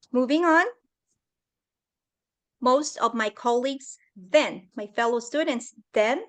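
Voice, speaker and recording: High-pitched woman talking slow over a video call, earnest and a bit emotional, middle-aged. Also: a bit bright. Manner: earnest, emotional, acts out quoted voices. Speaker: guest speaker. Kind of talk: personal leadership talk. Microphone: computer on a video call.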